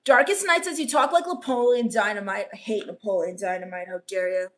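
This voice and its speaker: A woman playing a sullen, scornful goth teen vampire on a comedy live stream, reading chat with deadpan, sarcastic put-downs. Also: medium pitch, fairly quick, lightly acted.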